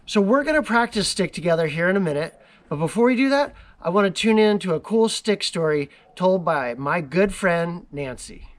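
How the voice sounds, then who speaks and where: High-voiced man introducing a story. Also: lively intonation, normal speed. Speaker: host. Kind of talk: casual introduction.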